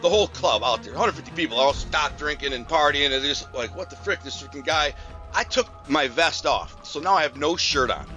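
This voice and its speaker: A man's voice: on the high side, animated, brisk, hardly any pauses, bright, forceful tone, highs cut off, faint music behind. A man casually telling a personal story in a rambling, slangy way, full of fillers and restarts.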